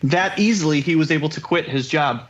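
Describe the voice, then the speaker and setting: Wry man with a higher voice. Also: brisk, dull audio. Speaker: podcast co-host. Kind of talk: casual chat.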